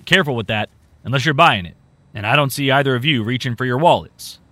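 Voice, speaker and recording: Man voicing a gruff street vendor, loud, irritated, scolding. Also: medium pitch, fast, a little hiss or hum, close to an everyday voice. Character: gruff bundled-up male newspaper vendor.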